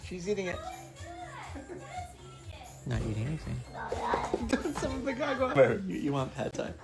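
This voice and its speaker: A woman's voice: on the low side, huge pitch swings, loud music behind the voice. Giggly woman baby-talking to her cat. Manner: teasing, giggly, drawn-out. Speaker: pet owner. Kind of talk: playful baby talk to a pet. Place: home.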